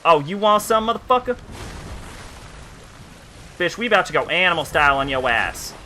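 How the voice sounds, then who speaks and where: A man putting on a loud, swaggering, trash-talking brawler voice with an odd drawled accent while playing a game. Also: fairly high pitch, very animated, normal speed, slight background noise. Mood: taunting. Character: cocky trash-talking male brawler persona.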